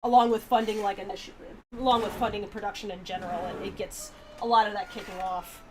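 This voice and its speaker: A woman's voice: mid-range voice, steady tone, quick pace, background noise. Wordy woman rambling on a livestream. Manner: wordy, lots of fillers and restarts. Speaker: animation project lead. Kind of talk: casual livestream chat.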